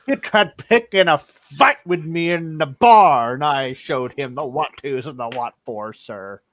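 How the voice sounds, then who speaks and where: A man's voice: on the high side, measured pace, a bit bright, dry recording. Swaggering drunk townsman, boastful, slurring, a man doing the voice.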